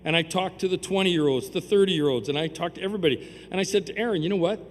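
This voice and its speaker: A man's voice: sits high, quick pace, slight background noise. A man, giving a rambling, heartfelt acceptance speech at an awards ceremony. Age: 60s. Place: large hall at an awards ceremony. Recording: reverberant hall with faint ambience.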